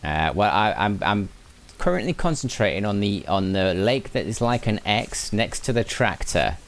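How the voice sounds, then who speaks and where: A man's voice: fairly low pitch, very animated, moderate pace. A man from Lancashire with a mixed northern English accent, thinking aloud and chatting with viewers during live gameplay commentary. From Lancashire, England. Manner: musing aloud, chatting with viewers while playing. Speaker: gaming streamer.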